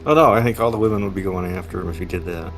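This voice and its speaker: A man with a low voice chats casually with a streamer over a call, relaxed and chuckling between stories. Faint music sits in the background. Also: very fast. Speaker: co-player. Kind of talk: casual chat.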